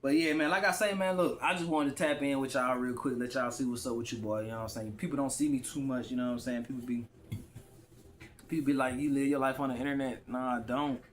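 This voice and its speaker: A man's voice: medium pitch, fairly even intonation, fast talker, a little hiss or hum. A man vlogging straight to his phone in loose, rambling slang, often repeating himself. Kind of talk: casual rambling monologue to camera.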